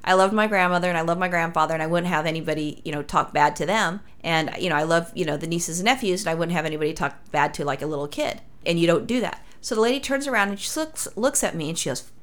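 A woman's voice: lowish voice, fast, few pauses, fairly bright tone. A woman from Los Angeles telling a crude story in casual chat, swearing freely as a podcast host.

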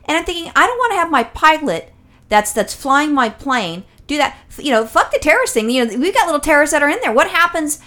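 Woman on a comedy podcast, fairly high voice, rambling and swearing a lot, very animated. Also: fast. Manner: rambling, profane, animated storytelling. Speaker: podcast co-host. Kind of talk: casual comedic chat.

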